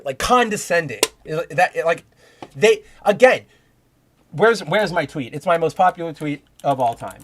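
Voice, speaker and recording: A young man hosting a podcast, talking in rambling casual commentary with many restarts and heated bursts of profanity. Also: sits high. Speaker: podcast host.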